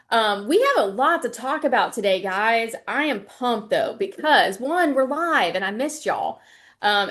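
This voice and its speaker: Woman instructor, casual livestream lecture, lively storyteller. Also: on the high side. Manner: chatty storytelling with animated quoted voices. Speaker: university instructor.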